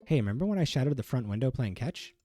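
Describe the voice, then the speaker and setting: A man's voice: mid-range voice, quick pace, no echo, soft background music. A man reading as a snarky teen daughter. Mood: teasing. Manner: teasing, deadpan wisecracks. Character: snarky teenage daughter in her last school year. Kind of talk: reading game dialogue aloud.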